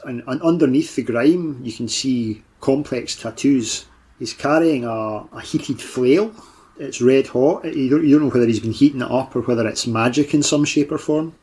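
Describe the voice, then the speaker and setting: A man's voice: medium pitch, a little mellow, rough recording. Man narrating as game master. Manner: descriptive, halting restarts.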